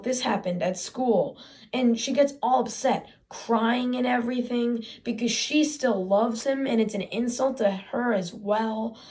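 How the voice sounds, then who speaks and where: A teenage student theater performer, a woman with a slightly high, darkish voice, plays an eager, aggrieved boy boasting that the sun is his father. Her stage monologue is chatty and peppered with sarcastic asides.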